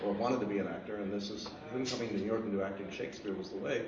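A man on a panel telling an animated anecdote, laughing often. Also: lowish voice, rapid-fire, muffled recording. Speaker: panel guest, comic writer. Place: convention hall stage. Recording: echoey hall from far off, clear background noise.

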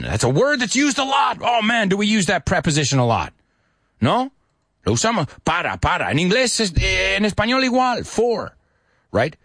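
Man, English teacher, slightly high voice, spells out words slowly. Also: a bit bright, dry recording, clean studio sound. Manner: switches between English and Spanish, repeats words slowly. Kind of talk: bilingual pronunciation lesson.

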